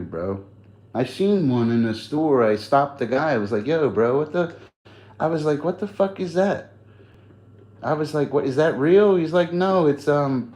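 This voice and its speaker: A man's voice: medium pitch, a little mellow. A man chatting loosely on a livestream, rambling in slang and laughing often. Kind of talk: casual livestream chat.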